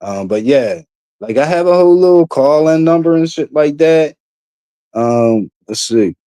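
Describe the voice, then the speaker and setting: Rambling New man streaming, dark dry voice. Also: on the high side, animated, unhurried, no room sound. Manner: rambling, many fillers, blunt and profane. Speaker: livestream host. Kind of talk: casual livestream chat.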